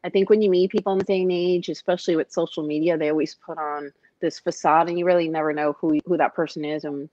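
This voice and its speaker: A woman talking about her husband in a casual chat, soft-spoken and hesitant, with many fillers. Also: sits low, fairly even intonation, quick pace, hardly any pauses, highs cut off, slight background noise. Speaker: host's wife.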